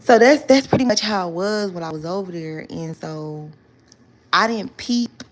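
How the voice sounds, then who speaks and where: A woman's voice: mid-range voice, animated, normal speed. A young woman telling a story to her viewers in casual chat, chatty and loose with slang, fillers and "right?" asides. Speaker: storytime vlogger.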